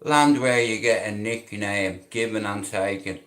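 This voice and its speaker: An Irish man holds forth on a live stream in a slow, drawn-out delivery. He swaggers and swears and keeps asking if his listeners understand. His voice echoes around the room. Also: on the low side, steady tone, a bit bright. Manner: intense, swaggering, profane, repeats questions. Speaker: livestreamer. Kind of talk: rambling live-stream monologue. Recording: roomy echo.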